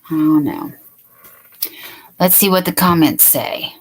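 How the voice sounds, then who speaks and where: A woman's voice: low voice, slow pace. A woman hosting a casual late-night crochet livestream, chatting and reading viewer comments aloud.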